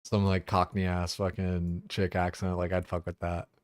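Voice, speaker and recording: Low-voiced, crude, rambling guy. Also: completely flat delivery, moderate pace, dry recording, clean studio sound. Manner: crude, rambling, full of fillers and swearing. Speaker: game streamer. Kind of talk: casual chat while gaming.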